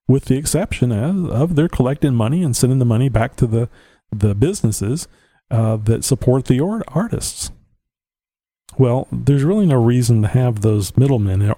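On his own podcast, a Southern US man rambles bluntly and with strong opinions, chuckling to himself as he goes. His medium-pitched voice is mellow, and the home podcast mic gives a dry recording of this casual monologue.

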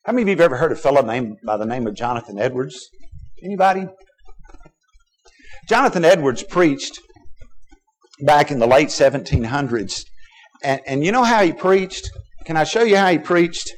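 A middle-aged man from Texas, preaching a sermon as pastor, swinging between loud urging and quiet, low asides. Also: animated, moderate pace, long pauses. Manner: emphatic preaching with sudden loud and soft swings.

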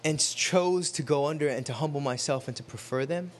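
Animated storytelling preacher, high-voiced man. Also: a little fast, slight background noise. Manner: animated, conversational, acts out quotes. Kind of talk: sermon with storytelling.

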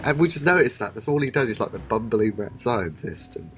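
A man in casual chat about a TV show, talking animatedly and breaking into quick impressions. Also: on the low side, sing-song, a bit bright, slight background noise.

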